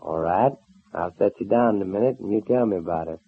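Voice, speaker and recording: A man's voice: low voice, fast talker, husky. An actor playing an easygoing young male cowboy hero with folksy talk in a 1930s radio serial. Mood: teasing. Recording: old narrow-band radio transfer.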